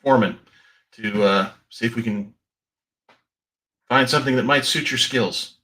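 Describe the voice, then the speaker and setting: Player guy, bright voice, kinda unsure, lots of uhs. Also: mid-range voice, unhurried, rough recording. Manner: hesitant, uses fillers. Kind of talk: tabletop game chat.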